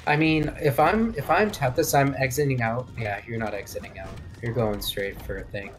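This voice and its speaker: A man's voice: medium pitch, moderate pace, a little hiss or hum. A man giving live commentary on a speedrun match, thinking aloud and often checking with his co-host for agreement.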